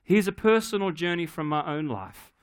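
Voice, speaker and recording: A middle-aged man preaching a sermon, telling a family story in a relaxed, humorous, conversational way. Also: on the high side, normal speed, smooth. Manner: acts out his daughter's voice in quotes. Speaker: pastor.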